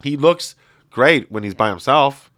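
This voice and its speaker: A man hosting a podcast, talking in a loose, rambling way full of "like" and "um." His voice is bright and forward, and it is heard dry and close. He keeps it casual and jokey. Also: mid-range voice, lively intonation, measured pace, dry recording. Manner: rambling, filler-heavy, jokey. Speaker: podcast host. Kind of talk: casual chat.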